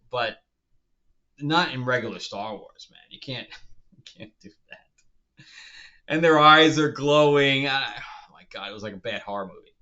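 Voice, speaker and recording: Incredulous man ranting, bright lo-fi voice. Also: medium pitch. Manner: incredulous, exasperated, laughs often. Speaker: TV show reviewer. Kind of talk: casual review rant. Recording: dull lo-fi sound.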